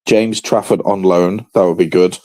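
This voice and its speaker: Mellow low-voiced Yorkshire man, jokey banter. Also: fairly even intonation, normal speed, no room sound. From England. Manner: joking, rambling banter. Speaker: podcast co-host. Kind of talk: casual football chat.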